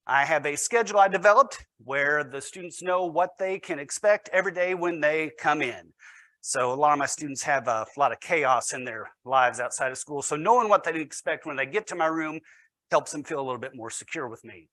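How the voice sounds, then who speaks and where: A man's voice: fairly high pitch, a little fast, sharp tone, no echo. A man, a teacher, giving a storytelling presentation with wry, self-deprecating humor.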